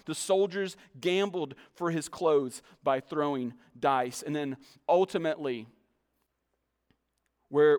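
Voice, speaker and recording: A man delivers a sermon in a somewhat high voice, reading scripture aloud and then explaining it. His voice carries a long reverb, as if spoken in a large hall. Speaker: pastor.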